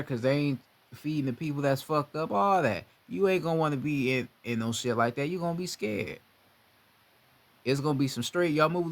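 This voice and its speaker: Brief: young man, slightly high voice, casual profane rant, animated delivery. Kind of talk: casual monologue.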